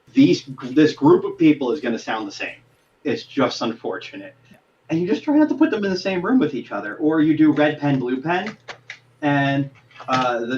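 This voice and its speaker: A man's voice: mid-range voice, dull audio. A man who is a voice actor and game master, explaining his craft earnestly in a podcast interview.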